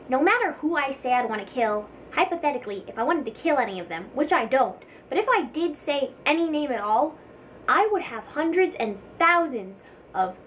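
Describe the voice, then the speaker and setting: A woman's voice: high-pitched, lively intonation, normal speed, a bit bright, recorded from a distance, slight background noise, rough recording. A young woman vlogger chatting casually to camera, giggly and self-deprecating, with frequent ums.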